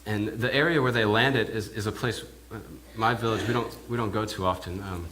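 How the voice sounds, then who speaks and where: A man's voice: on the low side, fairly even intonation, a little fast, background noise, lightly acted. A male minister preaching in character as an awed village pig herder, telling his story in the first person with hesitant, often repeated words. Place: church.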